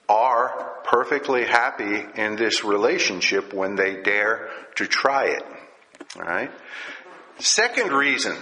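Teaching from scripture in a pushed, bright, mid-range voice, this preacher delivers his sermon in an echoey space. He constantly turns to the congregation with rhetorical questions, especially "all right?"

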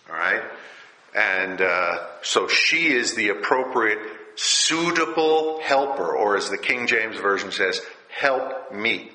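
A man's voice: on the low side, animated, takes it slowly, bright, forceful tone. A man preaching a sermon and teaching from scripture. He often checks in with his listeners with rhetorical questions. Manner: rhetorical, keeps asking "all right?". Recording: echoey room.

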